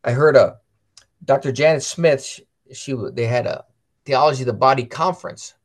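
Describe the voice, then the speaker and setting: In a casual religious chat about faith and family, a man speaks at a medium pitch and moderate pace. He tells stories, acts out the voices of people he quotes, and reads catechism passages aloud.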